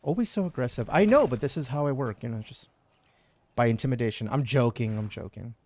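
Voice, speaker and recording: A man's voice: medium pitch, fairly quick, darkish tone. A man from Texas chatting casually on a gaming livestream, rambling between topics and reading chat messages aloud. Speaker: streamer.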